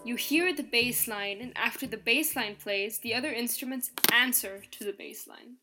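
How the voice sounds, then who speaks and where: A woman's voice: a little high, moderate pace, over music. Woman narrating a scripted podcast. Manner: reads from a script in an even, explanatory tone, counting beats aloud.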